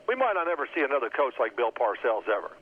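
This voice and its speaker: A man in his sixties, a former quarterback, telling lively football anecdotes and acting out his old coach's yelling. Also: medium pitch, quick pace, a little hiss or hum. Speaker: former NFL quarterback guest. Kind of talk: storytelling phone interview. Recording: tinny phone line.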